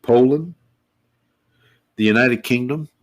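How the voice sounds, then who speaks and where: A man's voice: mid-range voice, takes it slowly. A middle-aged man co-hosting a podcast, with an easygoing, dry way of talking. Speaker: podcast co-host. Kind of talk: casual chat.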